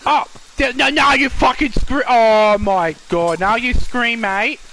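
A man giving excitable live gameplay commentary, swearing and shouting at the characters on screen. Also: very high-pitched, a little slow, slight background noise. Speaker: gamer.

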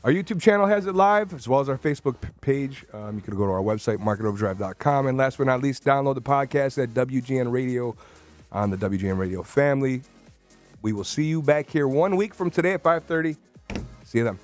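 A man's voice: medium pitch, animated, a little fast, soft background music. A man hosting the show, bantering and reading the closing plugs. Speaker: host. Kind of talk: show host sign-off.

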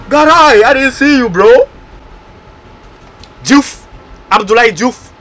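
A man commenting on his video game pack opening, excitable and bursting into loud exclamations. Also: very high voice, slow pace, faint music behind. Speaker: gaming YouTuber.

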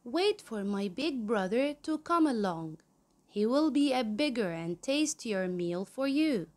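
A woman's voice: fairly high pitch, big pitch swings, measured pace. A woman voicing a small, frightened young billy goat who pleads politely in a children's story. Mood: pleading.

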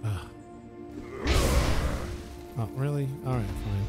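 A man's voice: medium pitch, expressive, measured pace. A man casually commenting on a video game as he plays, chatty and sarcastic, swearing freely. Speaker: let's play host. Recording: game music under the voice.

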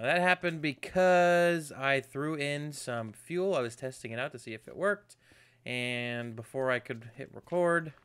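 A man's voice: medium pitch, fairly bright tone, clean tone. A man hosting a video game channel, giving upbeat, chatty gameplay commentary with a self-mocking streak. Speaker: gaming channel host.

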